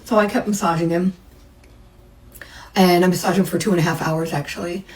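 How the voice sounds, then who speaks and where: A woman's voice: lowish voice, fairly even intonation, fairly quick, darkish tone, poor audio. A middle-aged woman, a massage therapist, telling a personal story in a chatty way and acting out the people she quotes. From United States.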